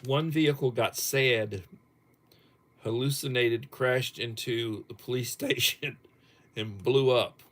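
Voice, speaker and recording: Brief: middle-aged man, livestream host, unhurried chuckling delivery, mid-pitched voice. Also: a bit bright. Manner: slow, chuckling, reads viewer topics aloud. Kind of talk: casual livestream chat.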